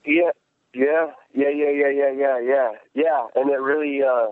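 A male actor answering interview questions, talking haltingly with many restarts. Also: mid-range voice, fairly even intonation, no room sound. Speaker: actor guest. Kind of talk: interview over the phone. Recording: tinny phone line.

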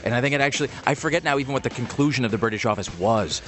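A man hosting a radio talk show, chatting casually and quickly with many fillers and restarts. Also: mid-range voice. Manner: fast-talking, animated, many fillers.

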